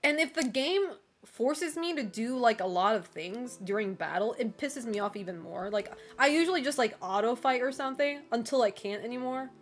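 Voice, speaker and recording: Chatty higher-voiced woman streamer. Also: animated, normal speed, hardly any pauses. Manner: loose and chatty, full of "like" and "you know"; laughs often between remarks. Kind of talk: casual chat with a live chat.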